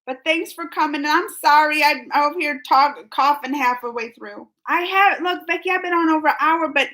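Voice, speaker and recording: A woman hosts a relaxed livestream, reading comments and answering viewers by name. Her voice sits high and sounds bright and forward. A tickle in her throat keeps breaking in with coughs. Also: moderate pace. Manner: chatty, laughs often, talks to viewers by name. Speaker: livestream host.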